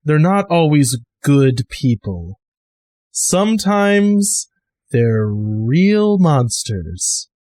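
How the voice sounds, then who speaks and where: A man's voice: on the high side, very animated, darkish tone, dry recording, exaggerated voice. A man voicing a hardened, weary woman survivor who speaks bluntly and grimly. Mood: somber. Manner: blunt, grim and measured.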